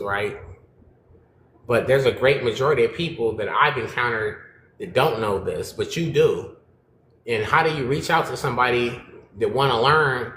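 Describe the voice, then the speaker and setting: A man on a live-stream panel talks in an animated, slangy, rambling way. His voice is bright and forceful. It comes over a call from a roomy, echoey space with a faint hiss behind it. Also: mid-range voice. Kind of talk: casual chat.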